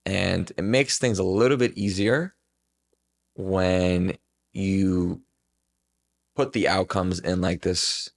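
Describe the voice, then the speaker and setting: A man as a podcast guest, talking reflectively in a casual chat, with a lot of fillers and drawn-out phrases. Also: low voice, fairly even intonation, gravelly.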